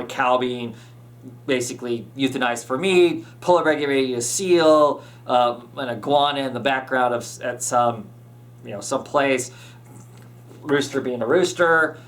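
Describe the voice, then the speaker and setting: A man's voice: medium pitch, steady tone, moderate pace, a bit bright. A man hosting a podcast, chatting casually as he recaps a comic, full of fillers and restarts. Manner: rambling, many fillers and restarts. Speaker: podcast host.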